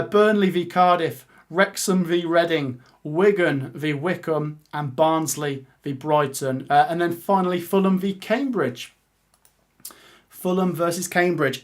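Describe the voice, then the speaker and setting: A man streaming live as he reads out a cup draw. He talks in a chatty, excitable way, breaks into laughter, and keeps urging viewers to comment and subscribe. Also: sits high. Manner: chatty and excitable, laughs often, calls out the results. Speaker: streamer hosting a live watch-along.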